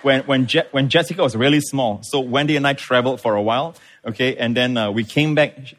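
A man's voice: medium pitch, fairly quick, hardly any pauses, a bit bright. Emphatic preaching man. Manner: emphatic preaching, repeats words, asks the congregation for amens. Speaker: pastor. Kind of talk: sermon.

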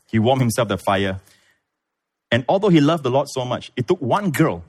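A man preaching a sermon, retelling scripture with lively storytelling and acted-out voices. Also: fast. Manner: animated storytelling, acts out voices, big pitch swings. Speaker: pastor.

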